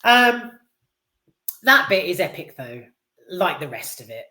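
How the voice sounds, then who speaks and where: A man's voice: a little high, big pitch swings, slow, pushed and bright. A man with a British accent giving a casual spoken film review, rambling and candid, swearing freely and filling gaps with ums. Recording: roomy echo.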